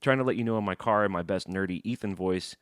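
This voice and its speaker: A man's voice: low-pitched, quick pace, clean tone, no room sound, clean studio sound. A man co-hosting a casual podcast, joking around and reading fan messages aloud. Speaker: podcast co-host.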